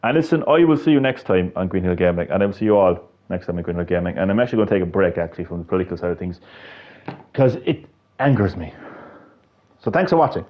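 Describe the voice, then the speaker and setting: A man's voice: low-pitched, animated, fast talker, dull audio. A young man with an Irish accent, hosting a casual gaming-channel livestream, rambling and swearing with many restarts. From Ireland.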